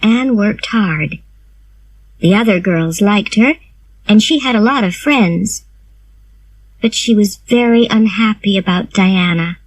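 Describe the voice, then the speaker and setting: A woman reading a graded storybook aloud in a slow, clear and expressive storytelling manner. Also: mid-range voice, poor audio. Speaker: reader. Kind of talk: graded reader narration.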